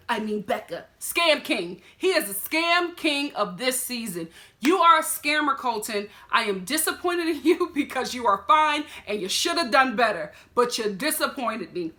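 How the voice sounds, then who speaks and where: Animated sassy woman vlogger, bright high voice. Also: normal speed, few pauses. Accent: Southern US. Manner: sassy, emphatic, talks straight to the camera and the show's people. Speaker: vlogger reviewing a reality show. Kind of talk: animated casual commentary.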